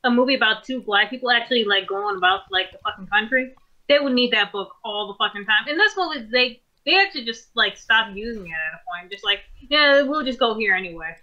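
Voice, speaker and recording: A woman's voice: on the high side, lively intonation, quick pace, bright, forceful tone. A woman co-hosting a casual movie review show, talking in a blunt, matter-of-fact, profane way. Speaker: podcast co-host. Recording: dull lo-fi mic.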